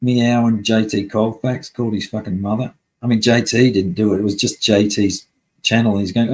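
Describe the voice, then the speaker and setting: Male streamer, husky, blunt and profane, venting to chat. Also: fairly low pitch, fairly even intonation, normal speed, darkish tone, low-quality recording. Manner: heavy swearing, angry and blunt. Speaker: live stream host. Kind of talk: casual live-stream rant.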